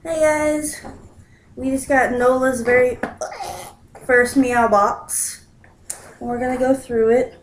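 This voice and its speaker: At home, a young woman vlogger unboxes a package and chats casually, pausing for long stretches and speaking slowly with fairly even intonation. Now and then she coos at her cat in a high baby voice. It's a low-quality recording on a built-in laptop mic with slight background noise.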